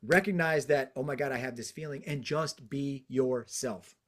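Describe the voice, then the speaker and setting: A man hosting a podcast, reflecting out loud in a casual, thinking-it-through way. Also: medium pitch, moderate pace. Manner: reflective, talks things through with casual fillers. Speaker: podcast host.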